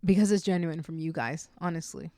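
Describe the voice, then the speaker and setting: A woman's voice: sits low, fairly quick, no echo, clean studio sound. Candid woman TV anchor guest. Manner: candid, animated storytelling. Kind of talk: casual interview chat.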